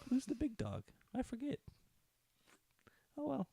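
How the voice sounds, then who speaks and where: Wry, lively-voiced man on a podcast. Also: extremely high pitch, a little slow, vocal fry, breathy edge. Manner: wry, joking, trails off. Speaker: podcast co-host. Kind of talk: casual chat.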